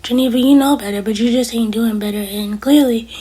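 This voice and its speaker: A woman's voice: fairly high pitch, brisk, warm tone, husky, poor audio. A woman casually reviewing a TV episode, retelling scenes line by line with blunt opinions, sometimes dropping to a whisper. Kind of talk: casual recap and commentary.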